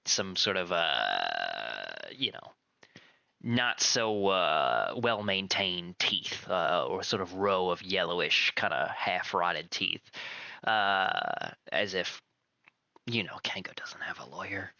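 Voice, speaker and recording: A man narrating as game master of a tabletop game, relaxed and descriptive. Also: low-pitched, takes it slowly, no echo, muffled recording.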